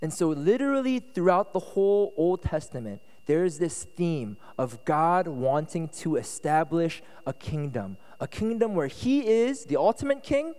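A man preaching a casual, conversational sermon as pastor at a retreat, relaxed and chatty, often checking that listeners follow. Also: fairly high pitch. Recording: echoey hall reverb.

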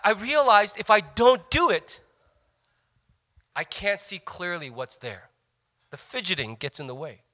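A middle-aged man preaching a sermon in an animated, joking, self-mocking storytelling way. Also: a little high, no room sound. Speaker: pastor.

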